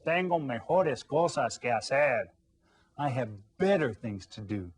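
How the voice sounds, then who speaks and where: A man's voice: mid-range voice, lively intonation, a little slow, a little hiss or hum, close to an everyday voice. A man voicing a lazy, dismissive duck in a read-aloud storybook. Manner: loud blunt refusal.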